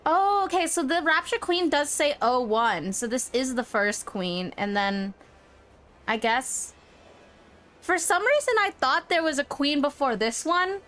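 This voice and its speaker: Brief: chatty woman streamer, fairly high voice, reads game narration and reacts, soft music behind. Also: animated, unhurried. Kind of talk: live-stream game story playthrough.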